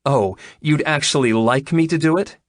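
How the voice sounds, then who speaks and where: A man voicing a prim, exasperated young woman doctor in an audiobook, with a crisp, scolding manner. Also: fairly high pitch, normal speed, no echo, studio quality, voice pushed up, lightly acted. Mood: primly teasing. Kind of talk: audiobook character reading.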